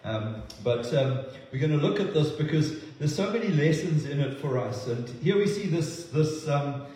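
A man preaching a sermon, halting with many fillers and restarts. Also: fairly high pitch, lively intonation, warm tone. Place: church hall. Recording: echoey hall from far off.

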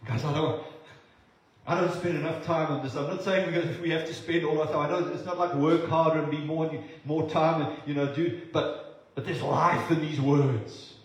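A man's voice: on the high side, steady tone, normal speed. A man from South Africa preaching a sermon as pastor, earnest and repeating words for emphasis. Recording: very echoey room, voice from a distance.

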